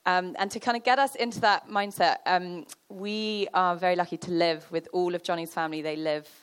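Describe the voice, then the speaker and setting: A woman's voice: lowish voice, steady tone, fairly quick, clean tone. A woman giving a chatty, conversational sermon, full of fillers and storytelling. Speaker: church speaker.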